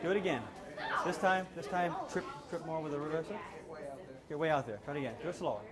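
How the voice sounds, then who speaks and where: A man's voice: on the high side, expressive, fast, over a noisy crowd. A male self-defense instructor coaching a hands-on class with short, repeated commands.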